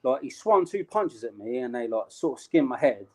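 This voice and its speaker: A man's voice: medium pitch, sing-song, moderate pace. Slangy British man telling a story. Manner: slangy, streetwise, laughs while telling. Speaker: interview guest. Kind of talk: casual storytelling.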